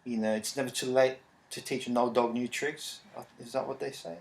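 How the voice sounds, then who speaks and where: A man's voice: mid-range voice, a little fast, gravelly. Rambling man in his thirties. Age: 30s. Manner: rambling, relaxed, frequent fillers. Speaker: podcast host. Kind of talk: casual solo podcast talk. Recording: roomy echo.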